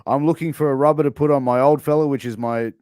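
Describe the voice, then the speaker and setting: A man's voice: mid-range voice, steady tone, fast talker, darkish tone, clean tone. A man with an Australian accent hosting a casual interview, playfully throwing out slangy phrases for his guest to guess. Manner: playful, drops into slangy catchphrases. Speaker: interview host.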